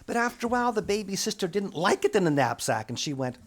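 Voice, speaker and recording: A man telling a story for children, playful, with drawn-out words and sound effects. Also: on the high side.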